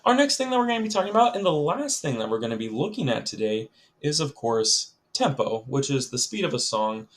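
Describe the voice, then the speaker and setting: A young man teaching a recorded music lesson to children, chatty, talking straight to the students and filling pauses with lots of ums. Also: fairly high pitch, sing-song. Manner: chatty, addresses students directly, many ums.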